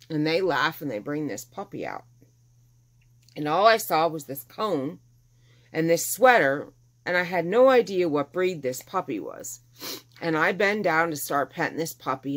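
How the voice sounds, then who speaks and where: A woman's voice: sits low, normal speed. A middle-aged woman telling a personal story casually, animatedly acting out the people she quotes. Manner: animated, acts out quoted dialogue with exasperation.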